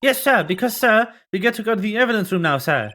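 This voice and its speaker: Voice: medium pitch, lively intonation, fast talker, a bit bright, slight background noise, pitched above the performer's own voice, natural voice. A streamer voicing an eager young woman detective trainee in a video game, polite and keen, calling everyone sir.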